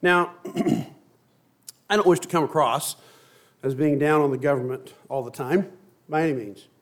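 A man's voice: fairly high pitch, moderate pace. A pastor speaking to his congregation in an easygoing, conversational way, with touches of light humor. His voice sits a little above the usual male range. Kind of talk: sermon.

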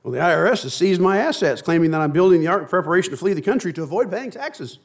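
A man's voice: high voice, animated, fast, pitched above the performer's own voice. A man reading a story aloud, voicing a harried modern man listing his troubles in exasperation. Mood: exasperated. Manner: exasperated, rattling off complaints.

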